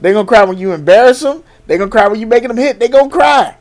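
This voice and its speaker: A man chatting casually in an animated, incredulous way, swearing freely. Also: very high voice, very fast. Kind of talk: casual chat.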